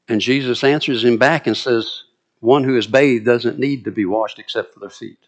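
A man with a Southern US accent preaching a sermon, acting out scripture quotes with lively, dramatic delivery. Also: mid-range voice, normal speed. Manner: animated, dramatic quoting of scripture.

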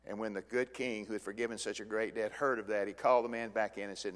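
A man's voice: on the low side, fairly even intonation, fast, hardly any pauses. Older male preacher in reverberant hall. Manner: dramatic swings from hushed to loud. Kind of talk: sermon.

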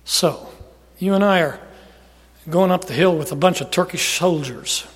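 A high-pitched male pastor preaches with emphasis, pushing some phrases out loud and letting others sink to a near hush. His voice rings out with a long reverb, as if in a large hall. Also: moderate pace, slightly rough. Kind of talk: sermon.

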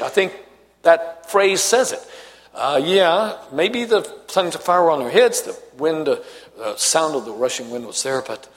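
A man from Tennessee with a faint Southern accent teaches a Bible study class conversationally, asking questions and reading scripture aloud. His slightly high voice is sing-song at a moderate pace, trailing a long reverb.

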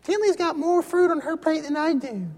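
A man's voice: extremely high pitch, normal speed, a little mellow, pitched above the performer's own voice. A man putting on a whiny little girl. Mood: whining. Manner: whining, nasal complaint.

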